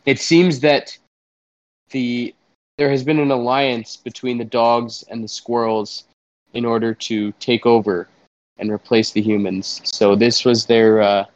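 A man talks as a hesitant interpreter in a comedy sketch, stumbling and stalling with fillers. He speaks slowly, and the sound is dry and dull, with no room around it. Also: medium pitch, no echo. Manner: hesitant, stammering, with many fillers.

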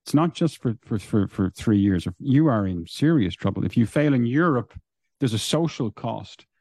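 A man's voice: medium pitch, animated, moderate pace, dark tone, no room sound, studio quality. A man hosting a podcast interview, pressing his guest and summing up his point. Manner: probing, sums up the guest's point. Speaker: podcast host. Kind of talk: interview questions.

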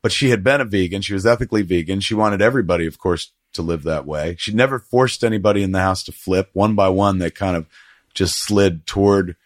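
A man's voice: deep voice, fairly quick, dry recording, clean studio sound. A middle-aged man telling stories in casual chat as a podcast host, rambling and swearing, acting out what others said. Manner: profane, rambling storytelling with lively quoted voices.

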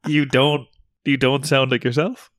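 A man's voice: mid-range voice, level tone, a little slow, a bit bright, dry recording, studio quality. A young man co-hosting a podcast, casually teasing and questioning, with some swearing. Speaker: podcast co-host. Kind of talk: casual chat.

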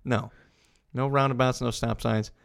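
A young man co-hosting a casual podcast chat, ranting in an animated way with lots of swearing. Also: mid-range voice, moderate pace, gravelly. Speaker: podcast co-host.

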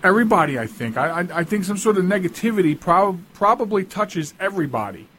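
A man's voice: high-pitched, sing-song, quick pace, fairly bright tone, slight background noise. A man hosting a radio talk show, chatting casually and rambling with lots of restarts and asides.

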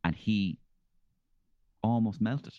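An Irish man as a comedian guest, telling animated stories in a casual chat and slipping into impressions. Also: on the low side, slow pace, no echo, highs cut off. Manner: animated storyteller, slips into impressions.

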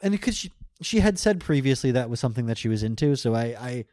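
A man's voice: mid-range voice, very animated, fast talker, mellow, dry recording, studio quality. Rambling man telling a story. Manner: rambling, self-correcting, laughs often. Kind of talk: casual storytelling.

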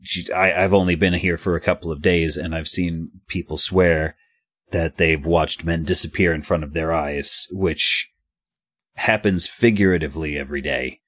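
A man's voice: sits low, steady tone, moderate pace, fairly bright tone, dry recording, studio quality. A man playing a tabletop game in a rambling, stammering way with some swearing. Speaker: player. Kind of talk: tabletop role-play.

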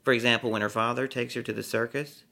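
A middle-aged man from Texas tells a personal story with a storyteller's flair. His voice is gravelly and sharp-edged. He savors each phrase and plays it for a laugh. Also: medium pitch, fast talker. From Texas, USA. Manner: lively, theatrical, savors words. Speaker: comedic storyteller, author. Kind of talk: vivid personal storytelling in an interview.

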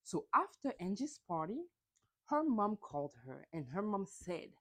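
A woman's voice: mid-range voice, big pitch swings, measured pace. A woman hosting a casual solo podcast, chatty and gossipy, swearing and acting out quotes in mocking voices. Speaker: podcast host.

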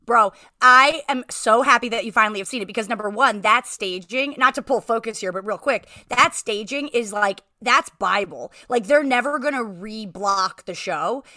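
A woman hosting a podcast in casual chat, excitable and gushing in fast bursts. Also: fairly high pitch, dry recording, studio quality. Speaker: podcast host.

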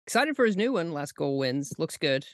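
A man's voice: a little high, sing-song, fairly quick, no room sound, studio quality. A young man hosting a podcast, asking questions in a playful, chatty way and giggling often. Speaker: podcast host. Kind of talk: casual chat.

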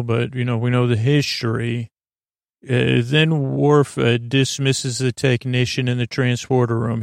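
A man hosting a podcast, giving a sleepy bedtime recap of a TV episode in a rambling, halting way with lots of fillers. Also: medium pitch, creaky, no echo, studio quality. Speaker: podcast host.

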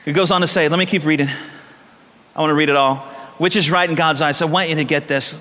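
A pastor preaching a sermon, telling stories and repeating lines for emphasis. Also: male voice, fairly high pitch, fairly even intonation, fast, pushed and bright. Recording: long hall reverb.

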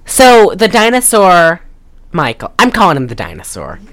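A woman's voice: lowish voice, huge pitch swings, moderate pace. A woman hosting a casual chat, rambling through a movie plot with lots of fillers and swearing.

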